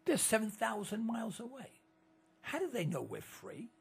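An older man delivers an indignant, rambling monologue, stumbling and restarting his sentences as he goes. His voice sits high and leaps around a lot. It has a husky, gravelly texture. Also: huge pitch swings, moderate pace. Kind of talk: monologue to listeners.

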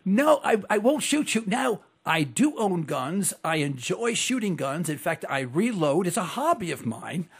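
A middle-aged man from New York hosting a call-in radio talk show, speaking formally, slowly and deliberately. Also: high voice, big pitch swings, gravelly, slightly rough.

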